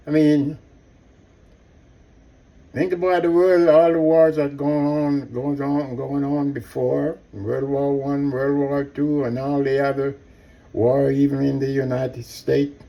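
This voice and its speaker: A man's voice: mid-range voice, little pitch movement, slow pace, gravelly, warm tone. A man giving an impassioned commentary monologue, repeating himself and speaking straight to his listeners. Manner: impassioned, repetitive, addresses listeners directly.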